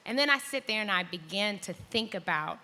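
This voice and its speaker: A middle-aged woman telling a personal story on stage in a large hall, acting out the voices with big jumps in pitch. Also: lively intonation, normal speed, bright, forceful tone. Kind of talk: live storytelling performance.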